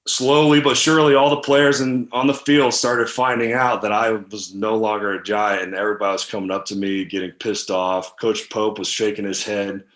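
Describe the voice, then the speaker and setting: A man in his thirties, a former football player, telling candid stories from his career in a casual, animated interview. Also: lowish voice, normal speed, few pauses, reverberant. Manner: animated, candid storytelling with fillers. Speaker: podcast guest, former NFL tight end.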